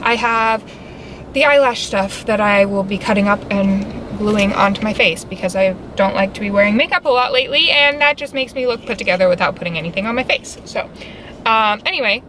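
A woman's voice: on the high side, fast. Young woman, casual vlog, chatty and rambling, car noise behind her. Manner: rambling, chatty, lots of fillers. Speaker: vlogger and tarantula keeper. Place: inside a parked car.

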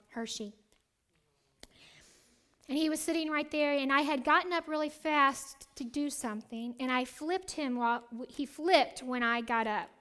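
A middle-aged woman teaching a Bible study, telling a personal story with animated, acted-out lines and whispered prayer. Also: high voice.

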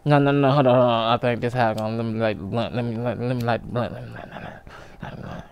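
Male gaming vlogger, comic and theatrical, bursts into high mock-sobbing acceptance speeches; smooth, clean tone. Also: steady tone, fast talker. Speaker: gaming YouTuber. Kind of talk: comedic vlog rant.

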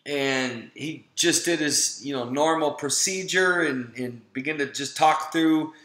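A man in his thirties tells a personal story in a motivational talk, with a forceful, bright tone and a slightly high pitch. He acts out the people he quotes. The recording has a noticeable echo of the room. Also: a little slow. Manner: animated storyteller, acting out quoted voices. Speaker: webinar speaker. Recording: echoey room.

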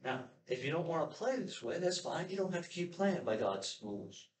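A man's voice: on the high side, very animated, normal speed, low-quality recording. A man preaching a sermon in a conversational way, often checking in with his listeners and acting out prayers in a raised, pleading voice. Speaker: pastor.

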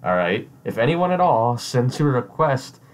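A man's voice: medium pitch, sing-song, normal speed, slight background noise. A man hosting a casual chat with a friend, chatty, reading out chat messages with mocking emphasis. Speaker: host.

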